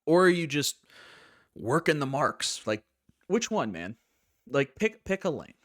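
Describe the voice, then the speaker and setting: A man's voice: a little high, sing-song, a little slow, no room sound, studio quality. A young American man hosting wrestling commentary, opinionated and sarcastic, riffing with mock quotes. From United States. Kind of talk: opinionated live-stream commentary.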